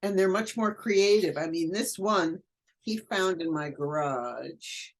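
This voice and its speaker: An older woman who is a guest educator, chatting casually in an interview and telling animated stories. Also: fairly low pitch, takes it slowly. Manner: animated storyteller, acts out quoted voices.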